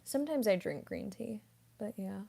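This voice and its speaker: A woman in her mid-twenties chatting casually on a livestream, soft-spoken and rambling, with lots of fillers and little giggles. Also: medium pitch, animated, moderate pace, creaky. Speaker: voice actress streamer. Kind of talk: casual livestream chat reading comments.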